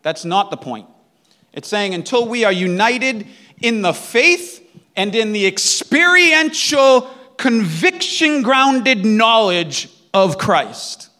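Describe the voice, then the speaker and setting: A man with a noticeably high-pitched voice delivers a sermon. He explains things in an earnest teaching manner and keeps checking in with a quick "right?" His throat-clearing comes up again and again between points. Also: fairly bright tone. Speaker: pastor.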